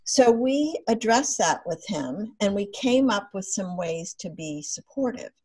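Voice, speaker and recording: A woman guest on a podcast, telling stories and explaining her ideas in a measured, earnest way. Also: medium pitch, lively intonation, warm tone, slightly rough. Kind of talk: conversational podcast interview.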